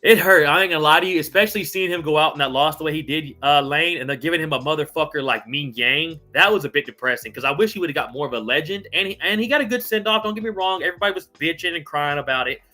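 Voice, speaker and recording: A fired-up man running a live fight-recap stream, talking in a bright, forceful voice that sits a little high. He swears freely and keeps calling out viewers by name. Faint music plays behind him. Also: quick pace, few pauses. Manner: hyped, profane, shouting out chat viewers. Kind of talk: casual live-stream sports talk, reading chat.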